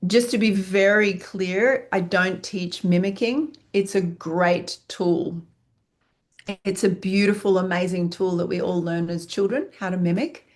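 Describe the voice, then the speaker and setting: A woman's voice: fairly low pitch, fairly even intonation, a little slow. A woman acting teacher answering interview questions in an earnest, frank way, speaking in long flowing lists and swearing freely.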